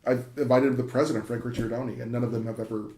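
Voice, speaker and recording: Animated professor telling a story. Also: male voice, mid-range voice, fast, noisy background. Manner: enthusiastic storytelling with frequent fillers and restarts. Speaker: university professor. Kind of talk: interview conversation. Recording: echoey room.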